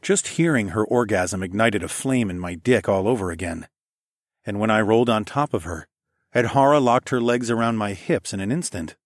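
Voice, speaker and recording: A man narrating an erotic audiobook in a soft, intimate, often hushed voice. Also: fairly low pitch, animated, moderate pace, no room sound, clean studio sound.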